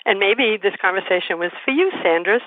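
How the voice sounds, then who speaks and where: Female talk host who tells lively stories and mimics the people she quotes. Comes through a tinny phone line. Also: medium pitch, a little fast, dry recording. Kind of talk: casual storytelling conversation.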